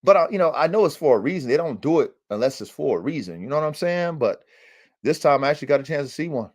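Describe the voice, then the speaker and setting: A man's voice: a little high, fast talker. Profane, slangy man hosting a podcast. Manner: profane, slangy and animated, with many fillers like "you know what I'm saying". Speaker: podcast host, dog breeder. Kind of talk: casual storytelling on a livestream podcast. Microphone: livestream mic.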